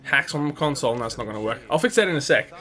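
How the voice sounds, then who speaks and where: A man's voice: medium pitch, expressive, very fast, fairly bright tone. A man hosting a let's play, giving chatty, rambling gameplay commentary full of restarts and laughs. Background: game music.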